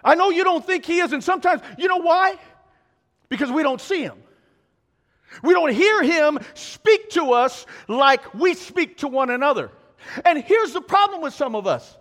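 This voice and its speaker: A man preaching a sermon in a church, animated and exhorting, with call-and-response asides to the congregation. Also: very high-pitched, normal speed. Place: church sanctuary. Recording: long reverb of a large hall.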